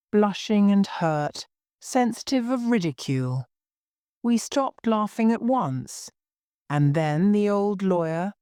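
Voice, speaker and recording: Woman reading a story for english learners, slow and lively, dry close mic. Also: low-pitched, no echo. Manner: slow, clear and expressive reading. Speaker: story reader. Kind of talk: storybook narration for language learners.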